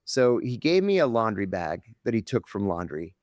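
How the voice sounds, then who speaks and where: Male podcast guest, animated storyteller, lively and dramatic delivery, dry close sound. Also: lowish voice, normal speed, no echo. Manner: dramatic, acts out quoted voices.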